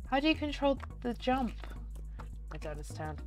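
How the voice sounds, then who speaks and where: A woman chatting excitedly through gameplay commentary, her voice nasal and slightly hoarse. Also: fairly high pitch, normal speed, soft background music. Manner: chatty and excitable, talking to viewers. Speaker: gaming channel host.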